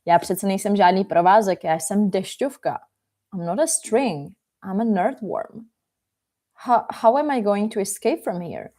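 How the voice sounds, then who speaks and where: A woman's voice: medium pitch, expressive, a little slow, warm tone, natural voice. A woman voicing a flustered female earthworm, indignant at being used as thread, in a bedtime story.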